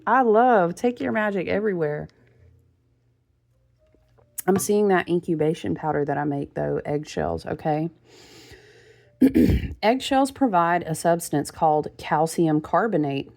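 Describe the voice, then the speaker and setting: A woman's voice: lowish voice, normal speed, darkish tone. A woman giving a casual spiritual card reading to her viewers, chatty and familiar, calling them friend and honey.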